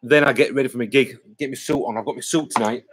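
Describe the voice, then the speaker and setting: A man hosts a casual live stream, answering viewer comments as they come in. He rambles, circles back and restarts his sentences, with lots of "uh" and "um" along the way. His voice sits at an ordinary middle pitch. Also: steady tone, fast talker, noisy background. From England. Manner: rambling, chatty, many fillers and restarts. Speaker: vlogger hosting a live stream.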